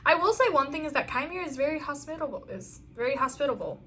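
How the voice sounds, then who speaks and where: A woman's voice: high voice, lively intonation, fast talker, bright, forceful tone. A woman reviewing a TV episode in a casual chat, enthusiastic and rambling, with lots of "um" and "like". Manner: enthusiastic, rambling, heavy use of fillers. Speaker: fan video reviewer.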